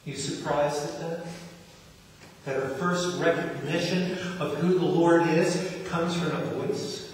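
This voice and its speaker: A man from New Jersey, pastor of his church, preaches a sermon slowly in a fairly high voice with fairly even intonation. He speaks conversationally and acts out quotes. The sound is echoey, as from a hall with a distant mic.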